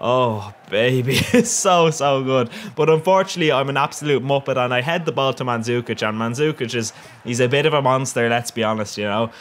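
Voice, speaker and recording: Man, Irish accent, young adult, casual game commentary, cheeky, rambling, middle pitch. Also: brisk. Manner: rambling and cheeky, with bursts of excitement. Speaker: gaming commentator.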